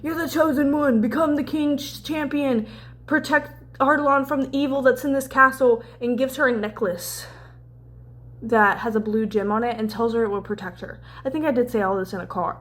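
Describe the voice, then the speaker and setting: A young woman chatting casually in a book vlog, animated and swearing freely as she acts out scenes. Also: fairly high pitch. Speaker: book vlogger. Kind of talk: casual chat.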